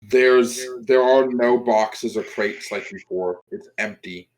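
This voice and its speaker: A man running a tabletop game as game master, setting spooky scenes in a deliberate way. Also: mid-range voice, low-quality recording.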